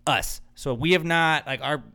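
A man's voice: fairly high pitch, measured pace, sharp tone. A young man hosting a podcast in casual, rambling chat, swearing freely and saying "like" constantly. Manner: rambling, profane, lots of "like". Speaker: podcast host. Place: apartment home studio.

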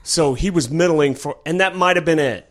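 A man's voice: on the high side, moderate pace. A man, a comedian, in casual green room chat, complaining wryly and swearing freely. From Cleveland, Ohio. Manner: animated, swearing, wry complaints.

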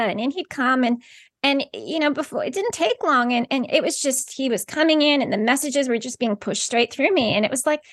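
A woman guest in an interview, telling a story with excitement and many fillers and restarts. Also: high-pitched, normal speed, no echo, clean studio sound. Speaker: guest, spiritual channeler.

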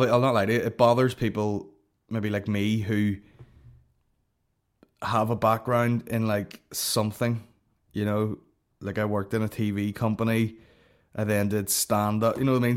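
A young man hosting a comedy podcast, telling a story in a profane, animated rant full of fillers. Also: on the low side, moderate pace.

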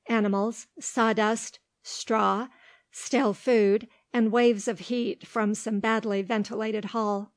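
A woman narrating a storybook in a steady, measured reading voice. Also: on the high side, dry recording. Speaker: audiobook reader.

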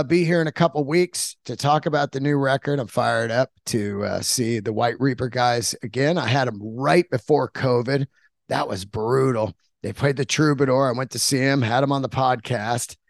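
Brief: excitable, foul-mouthed male podcast host talking off the cuff, close dry mic. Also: medium pitch, gravelly, dry recording. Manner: rambling, profane, enthusiastic. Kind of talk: casual monologue.

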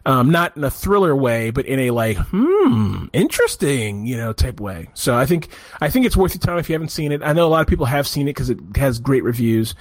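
A podcast co-host chats loosely about a movie review, rambling and animated, with lots of restarts. He talks quickly in a medium-pitched voice with hardly any pauses, and there's no room sound.

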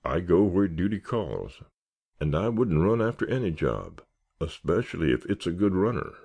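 A man's voice: sits low, very animated, normal speed, vocal fry, a little mellow, husky, heavily acted. A man playing a wisecracking teen scout. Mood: joking. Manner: joking, mock-formal, punning. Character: wisecracking teenage boy scout, irrepressible joker. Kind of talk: audiobook character reading.

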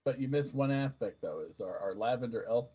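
A man's voice: mid-range voice, lively intonation, a little fast, mellow, slightly rough. A man co-hosting a casual podcast, chatting about trivia, on a muffled recording. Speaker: podcast co-host. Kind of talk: casual recap chat.

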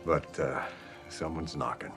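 Old retired hero, very deep voice, fond chuckling phone chat, film clip, music behind. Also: male voice, steady tone, measured pace. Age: older. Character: old retired male ex-hero, gentle and nostalgic.

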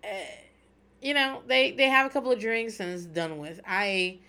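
A woman's voice: fairly high pitch, animated, moderate pace, sharp tone, clean tone. A woman hosting a podcast, chatting casually and candidly, swearing freely and laughing often. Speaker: podcast host. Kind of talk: casual recap chat.

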